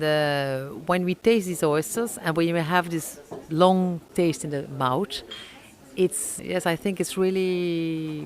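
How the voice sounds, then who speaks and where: French-accented woman, halting answers. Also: low voice. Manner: halting, many fillers, searches for English words. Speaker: oyster company owner. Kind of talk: interview answers.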